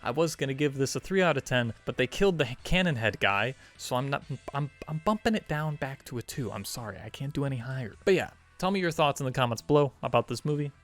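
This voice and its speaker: A man's voice: mid-range voice, animated, fast talker, few pauses, soft background music. A man doing a casual, rambling, sarcastic movie review video, joking as he goes.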